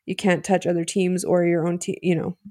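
A woman's voice: lowish voice, level tone, mellow, dry recording, studio quality. A woman co-hosting a podcast, chatting casually and adding her own take on the episode. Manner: chatty, quick to agree and add her take. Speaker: podcast co-host. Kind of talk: casual chat recapping a reality show.

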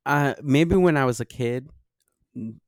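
A man's voice: medium pitch, a little slow, dry recording. A man co-hosting a podcast, chatting casually in a gossipy, rambling way with lots of fillers. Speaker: podcast co-host. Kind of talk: casual chat.

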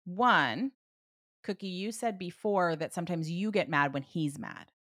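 A woman coaching a parent with advice, acting out example phrases with lively emphasis. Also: on the low side, unhurried, no room sound, studio quality. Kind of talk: advice session.

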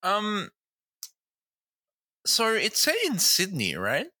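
A man with a sharp, bright voice co-hosts a casual podcast. He asks short, hesitant questions and trails off. The recording is dry. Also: sits high, wildly swooping pitch, slow, no echo. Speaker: podcast co-host. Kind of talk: casual chat.

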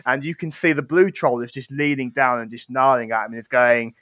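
A man's voice: medium pitch, fairly even intonation, fairly quick, few pauses, fairly bright tone, dry recording. A man running a tabletop game as game master, narrating playfully and laughing often.

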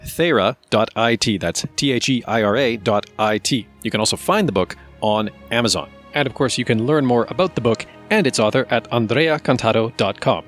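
A man reading a nonfiction book aloud as podcast host, in steady, measured scripted narration. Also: mid-range voice, soft background music.

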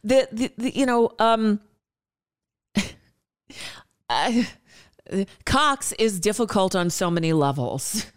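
Woman in her sixties, talk show host, rambling and exasperated, smooth clear voice. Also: medium pitch, takes it slowly, long pauses. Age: 60s. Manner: chatty, exasperated, with frequent restarts and asides. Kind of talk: casual monologue.

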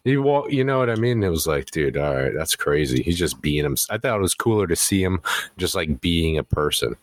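A man with a very deep voice chats casually on a podcast. He sounds laid-back and swears often. The recording is dry, with no room sound. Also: expressive, a little fast, dry recording.

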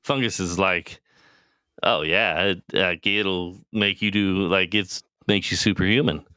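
A man's voice: low voice, fairly even intonation, a little slow, pushed and bright, clear, resonant tone, no room sound, studio quality. A man co-hosting a podcast, casually retelling a TV show in a rambling, profane way and acting out the characters' lines. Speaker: podcast co-host.

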